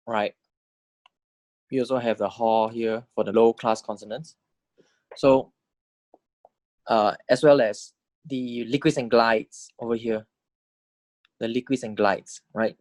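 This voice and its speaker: A man's voice: fairly low pitch, steady tone, a little slow, pauses often, a little mellow, no room sound. A man teaching a recorded language lecture, walking through a table step by step and often checking understanding with "right?".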